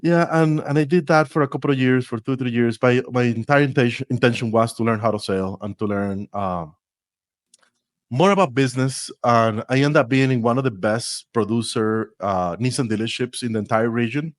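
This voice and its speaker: A man in his forties from Costa Rica, speaking English with a Costa Rican Spanish accent, telling stories as a podcast guest, lively and laughing, with frequent restarts. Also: medium pitch, normal speed, no echo. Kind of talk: storytelling interview.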